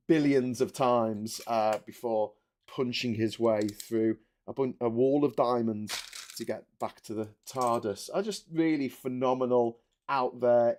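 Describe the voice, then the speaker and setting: He's a man in his forties running a casual live stream, his mid-range voice a little mellow. While building, he rambles on animatedly and sometimes swears.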